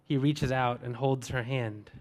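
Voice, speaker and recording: A man preaching a sermon, telling a story in a relaxed way and asking repeated rhetorical questions. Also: mid-range voice, a little slow.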